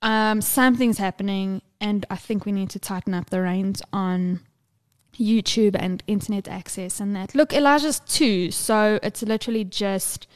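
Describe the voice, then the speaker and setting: A woman's voice: mid-range voice, moderate pace. Chatty young woman co-hosting a podcast. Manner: chatty, swearing, laughs often. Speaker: podcast co-host. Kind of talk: casual chat.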